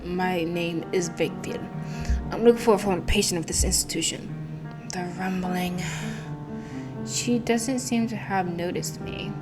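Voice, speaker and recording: A woman's voice: on the low side, normal speed. Casual woman reading a story game. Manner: casual asides between reading. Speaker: gaming channel host. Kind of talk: let's play narration, reading game text aloud. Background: game music.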